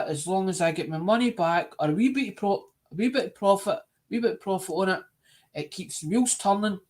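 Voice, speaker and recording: A Scottish man hosting a live stream, chatting casually in an earnest, rambling way and often repeating himself. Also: high-pitched.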